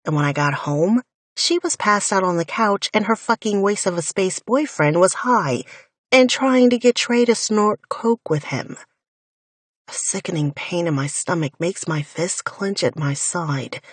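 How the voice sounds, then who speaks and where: Woman audiobook narrator, slow and deliberate, breathy husky tone, lower-pitched, intimate wry first-person telling, dry close studio sound. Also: animated, no echo. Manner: intimate, wry inner monologue.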